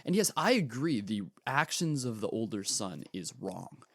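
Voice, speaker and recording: A teenage boy hosting a podcast, retelling a parable in earnest, casual commentary with animated asides. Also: fairly low pitch, moderate pace, dry recording, clean studio sound. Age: teens. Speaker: podcast host.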